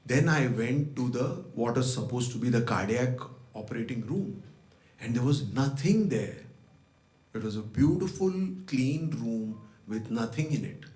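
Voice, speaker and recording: A man's voice: mid-range voice, expressive, a little slow, darkish tone, roomy sound. A man giving a devotional talk, reflectively telling personal stories and acting out the dialogue he remembers. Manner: reflective, retells events with quoted dialogue. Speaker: guest speaker at a devotional birthday program. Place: devotional center hall.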